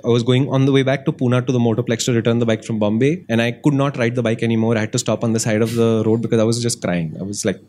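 A man on a podcast, telling stories in a lively, animated way that moves between calm and excited. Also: mid-range voice, fast talker, few pauses. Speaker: motorcycle journalist, podcast guest. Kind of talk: casual podcast conversation.

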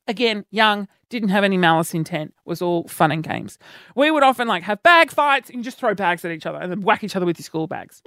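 A man hosting a podcast, telling self-mocking stories in an animated way. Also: no room sound. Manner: animated, self-mocking, jumps into shrill yelps when acting out panic. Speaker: podcast host. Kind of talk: casual storytelling monologue.

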